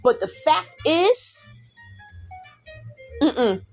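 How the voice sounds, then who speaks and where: Loud, animated middle-aged woman storyteller. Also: a little high, unhurried, faint music behind. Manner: animated, loud, addresses listeners directly, swears. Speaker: podcast host. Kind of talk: casual storytelling.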